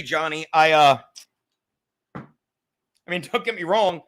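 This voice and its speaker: At a desk mic, a man hosts a livestream podcast, rambling casually, joking with the chat, and swearing as he goes. His high, bright voice is gravelly, with lively intonation, a moderate pace, and frequent pauses.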